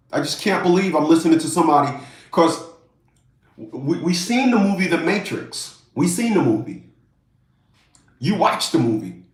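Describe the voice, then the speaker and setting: A man delivers a ranting commentary vlog in a fairly high voice, animated and mocking. He repeats phrases for emphasis. The recording carries a roomy echo. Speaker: YouTube commentator.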